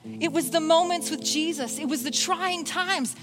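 Woman preacher, high voice, animated sermon delivery, faint guitar music behind. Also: normal speed. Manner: animated, voices the Bible figures in quoted lines.

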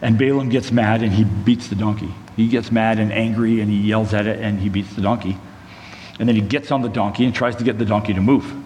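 A man preaching, retelling a Bible story in a relaxed conversational way with side notes to the listeners. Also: fairly low pitch, fairly quick. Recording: long hall reverb, faint room noise.

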